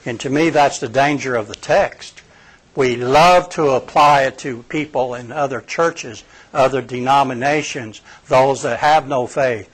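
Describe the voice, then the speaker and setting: A man's voice: mid-range voice, unhurried, breathy edge. A man preaching a sermon in a conversational way, addressing his listeners directly.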